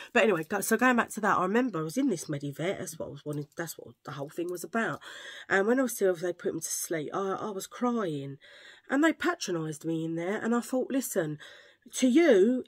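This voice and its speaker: A woman chatting casually to camera, rambling from one tangent to the next. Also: mid-range voice. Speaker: vlogger. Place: at home filming under a ring light.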